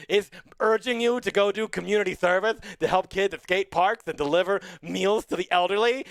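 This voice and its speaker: A man voicing an excitable male puppet who hosts a live morning talk show, playful and giggly, chatting casually. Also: sits high, no room sound. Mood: advice-giving. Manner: playful, giggly, wordplay-loving. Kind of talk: casual live-stream chat.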